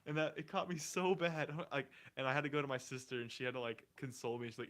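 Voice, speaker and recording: A man's voice: medium pitch, steady tone, fast, hardly any pauses, a bit bright. A young man co-hosting a casual movie review podcast, rambling and emotional, laughing often as he talks. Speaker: podcast co-host.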